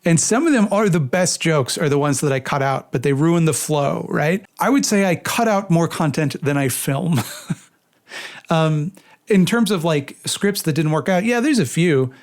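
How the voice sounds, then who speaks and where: A man's voice: on the high side, expressive, normal speed. A man, a video creator, answering fan questions in a casual, self-deprecating, joking monologue.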